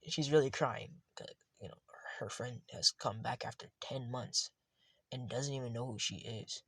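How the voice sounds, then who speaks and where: Slow, rambling male storyteller. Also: mid-range voice, fairly even intonation, vocal fry, fairly bright tone, slightly rough, dry recording. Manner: rambling, often correcting himself. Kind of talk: casual retelling of a fan story.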